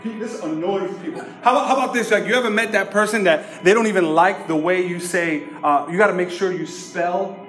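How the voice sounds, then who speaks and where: A man preaching to a congregation as pastor, lively and joking, calling out for the crowd to respond. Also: high voice, brisk, few pauses. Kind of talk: sermon with humorous stories. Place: church service. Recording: echoey room with music behind.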